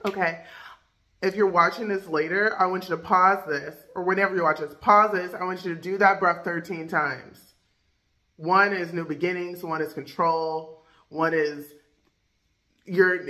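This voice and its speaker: A woman's voice: lowish voice, fairly bright tone. A woman life coach giving casual, chatty advice with lots of fillers. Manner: loose, filler-heavy, chatty.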